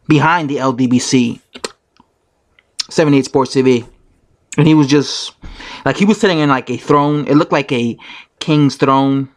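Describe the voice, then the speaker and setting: Indignant man ranting to camera. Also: on the high side. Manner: animated, indignant, repetitive. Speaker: YouTube boxing commentator. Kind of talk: casual storytelling rant to camera.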